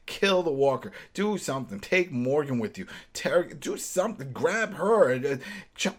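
A man co-hosting a casual recap chat, animatedly acting out scenes in quick mimicked voices. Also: a little high, big pitch swings. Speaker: podcast co-host.

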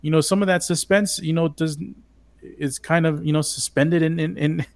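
A man's voice: a little high, fairly even intonation, normal speed, no echo. A man discusses a TV show in casual podcast chat, his voice dry and close with no room sound. He hesitates often, repeating words before finding his point. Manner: hesitant, many restarts, chuckling asides. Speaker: podcast co-host.

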